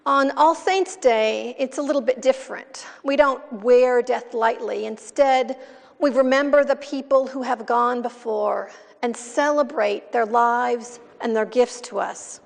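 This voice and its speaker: Gravelly woman preaching in a hall. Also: on the high side, measured pace. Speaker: pastor. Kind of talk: scripture reading and sermon. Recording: long reverb in a large hall.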